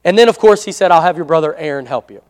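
Male pastor, high voice, chatty sermon, asks for amens, reverberant church hall. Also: quick pace. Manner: conversational preaching with frequent amen prompts.

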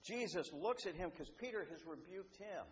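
A man preaching a sermon, animated, acting out the voices he quotes, with repeats and restarts. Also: high-pitched, moderate pace. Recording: roomy, dull, faintly noisy hall.

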